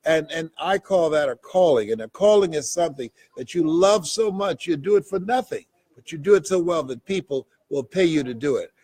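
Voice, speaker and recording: A man's voice: a little high, lively intonation, a little fast, few pauses, a little mellow, husky, no echo. A motivational speaker addressing his audience in a preacherly, rhythmic way, driving his points home through emphatic repetition. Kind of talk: motivational speech.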